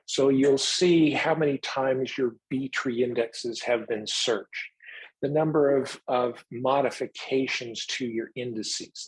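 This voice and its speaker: A man giving a technical presentation, explaining new software features in a measured way and taking questions. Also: mid-range voice, husky, rough recording.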